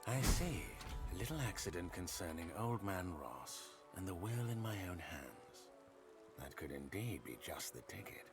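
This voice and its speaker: A man's voice: low-pitched, very animated, moderate pace, music in the background. An actor playing a scheming, greedy male dwarf merchant in a video game, speaking in a sly, smug, theatrical way. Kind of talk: game dialogue.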